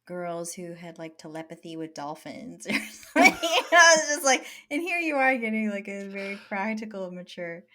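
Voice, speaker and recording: A woman hosting a podcast interview in casual chat, playful and quick to joke along with her guest. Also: mid-range voice, big pitch swings, pushed and bright. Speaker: podcast host.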